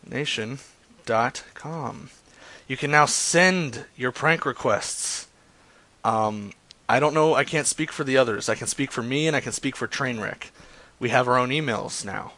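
A man streaming prank calls and chatting casually with his viewers, excitable and profane, often laughing. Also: medium pitch, dry recording. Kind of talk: casual live-stream chat.

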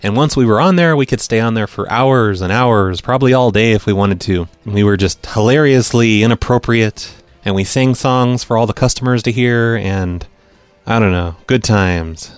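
A man's voice: lowish voice, moderate pace, clean tone, dry recording. A middle-aged man hosting a podcast, chatting casually about pranks and reacting to voicemails with dry, sarcastic asides. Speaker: podcast host.

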